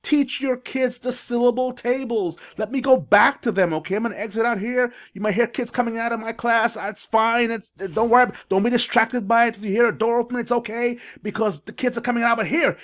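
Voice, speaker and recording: A middle-aged man coaching parents on reading, who sounds out syllables and spelling rules with emphasis. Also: very high-pitched. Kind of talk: instructional video for parents. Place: classroom or school office.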